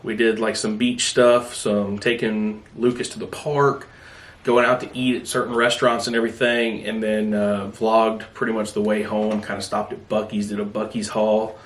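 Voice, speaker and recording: A man's voice: lowish voice, normal speed. A man hosting a podcast in casual chat, telling stories with animation and acting out other people's lines. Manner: animated storyteller who acts out family members' lines. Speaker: podcast host. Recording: echoey room.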